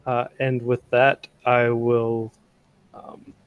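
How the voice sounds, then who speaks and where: A man's voice: medium pitch, level tone, clean tone, no room sound, narrow, tinny audio. A man playing a tabletop game, speaking hesitantly as a player. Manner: slow, hesitant. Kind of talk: tabletop role-play.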